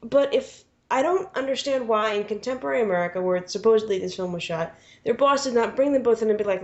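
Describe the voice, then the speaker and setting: A woman co-hosting a podcast, chatting casually and critiquing a film with animated asides. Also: a little high, fast talker, few pauses. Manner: animated, critical, does quoted voices. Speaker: podcast co-host. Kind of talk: casual chat. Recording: lo-fi podcast recording.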